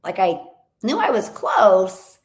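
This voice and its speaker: An upbeat woman with a hoarse voice, chatting with viewers in a motivational coaching live stream from her home. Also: medium pitch, takes it slowly, echoey room. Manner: energetic, motivational, chatty with frequent laughs. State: hoarse voice from a long event. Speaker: online business coach.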